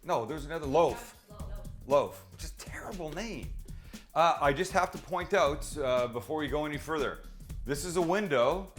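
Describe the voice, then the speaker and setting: With soft music in the background, a middle-aged man speaks at normal speed in a slightly high voice while hosting a casual cooking show. Chatty and teasing, he answers his own questions in his low-ceilinged home kitchen, the handheld mic held close at times.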